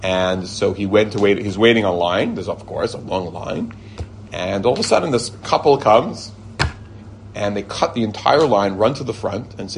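A man telling lively stories to a group and weaving in religious teaching, often jumping into a high excited voice when he quotes people. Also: moderate pace, gravelly, a little hiss or hum. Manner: animated storyteller, jumps to a high excited voice when quoting people; chuckles and restarts mid-sentence. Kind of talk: storytelling talk with religious teaching. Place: lives in Israel.

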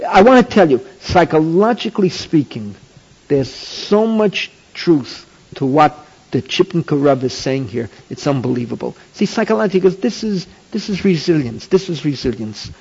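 A man with a high voice lectures in a religious class, hammering points home and repeating phrases for emphasis. The sound is dull and lo-fi, like an old tape recording. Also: sing-song, moderate pace, creaky, darkish tone, breathy edge. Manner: emphatic, repetitive, rising to questions. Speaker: rabbi teaching a class. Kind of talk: Torah lecture.

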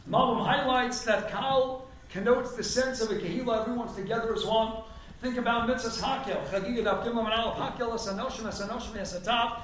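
A man giving an animated, emphatic sermon as a rabbi, at times rising to near shouts. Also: very high-pitched, fairly quick, a little hiss or hum. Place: synagogue hall. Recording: echoey hall from far off, dull sound.

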